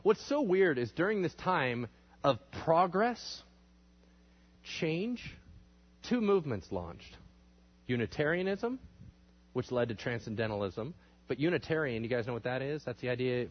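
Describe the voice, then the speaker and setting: A man teaching a history class in a lively lecture style, asking the class questions and acting out quotes in exaggerated voices. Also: medium pitch, measured pace, long pauses, lo-fi sound.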